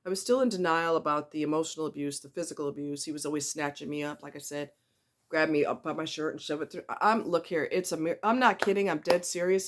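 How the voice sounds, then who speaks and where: A woman's voice: low-pitched, fairly even intonation, fast. A woman telling a personal story in a casual vlog, blunt and emphatic, repeating herself for stress and speaking straight to the viewer. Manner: candid and conversational, with asides to the viewer.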